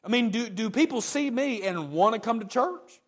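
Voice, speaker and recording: A man's voice: extremely high pitch, animated, moderate pace. A man preaching a sermon, emphatic and repetitive, often restarting his phrases.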